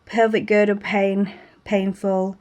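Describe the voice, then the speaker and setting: A woman's voice: medium pitch, level tone, slow pace, a little mellow. Woman, young adult, chatty vlog storytelling, laughs often. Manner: chatty storytelling with frequent laughs and acted quotes. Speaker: vlogger sharing pregnancy updates. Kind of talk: casual chat.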